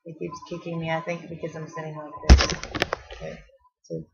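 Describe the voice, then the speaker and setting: A woman's voice: deep voice, completely flat delivery, brisk, heavy background noise. A pregnant woman in her twenties, short of breath, chatting casually in a rambling home vlog with lots of fillers and restarts. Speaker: vlogger. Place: at home, seated. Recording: dull lo-fi home video audio.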